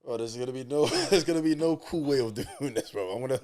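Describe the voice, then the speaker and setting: A man as a guest on a casual film review podcast, chatting quickly with lots of fillers. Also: medium pitch. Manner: quick, animated, full of "like" fillers.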